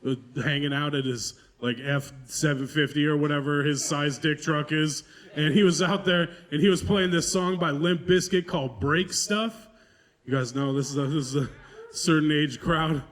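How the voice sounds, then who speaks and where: Profane, self-mocking stand-up headliner. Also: male voice, fairly high pitch, steady tone, normal speed, fairly bright tone. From Pacific Northwest, US. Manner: loose, profane, conversational, self-deprecating. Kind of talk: stand-up comedy set. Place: comedy club stage.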